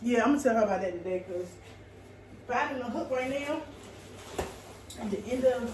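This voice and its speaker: Casting note: young woman, easygoing home vlogger, breathy and casual, steady background noise. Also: a little high, normal speed. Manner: chatty, talks to viewers as "y'all", curses casually. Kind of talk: casual chat to camera.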